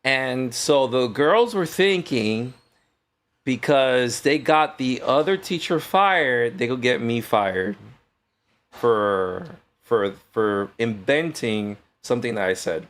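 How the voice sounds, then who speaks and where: Slow-paced and mid-range in pitch, a man who streams games shares stories from the classroom where he once taught. The talk is casual, done while he plays, and he enlivens it by voicing the people he quotes.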